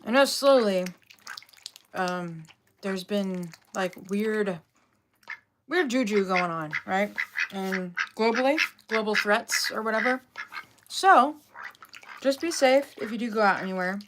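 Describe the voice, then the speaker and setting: A woman's voice: medium pitch, slow, noisy background. Chatty young woman rambling on a livestream. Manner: rambling, filler-heavy and chatty. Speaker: livestream host. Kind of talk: casual livestream chat. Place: home.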